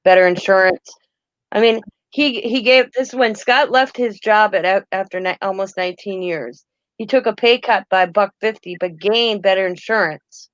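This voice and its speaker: A woman's voice: medium pitch, normal speed, a bit bright, dry recording. A middle-aged woman hosting a casual crafting chat, rambling through family stories and correcting herself as she goes. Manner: rambling, self-correcting storyteller. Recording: dry, slightly muffled.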